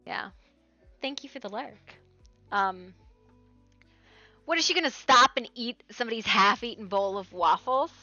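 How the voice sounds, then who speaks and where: Bright-voiced woman streamer chatting w chat, gets loud then quiet, bit muffled mic, faint music behind. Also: on the high side, a little slow, pauses often, no room sound. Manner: excitable, laughing, swings loud and soft. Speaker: live streamer. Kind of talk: casual chat with stream viewers.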